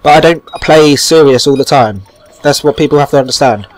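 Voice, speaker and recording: A man's voice: fairly high pitch, a little fast. Chatty man commenting on gameplay. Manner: rambling, chatty, swears casually. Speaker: gaming channel host.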